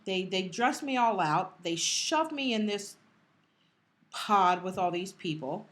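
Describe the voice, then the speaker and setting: A middle-aged woman co-hosting a podcast, telling a personal story in a casual, emotional way, often halting and restarting and quoting what others said. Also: medium pitch. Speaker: podcast co-host.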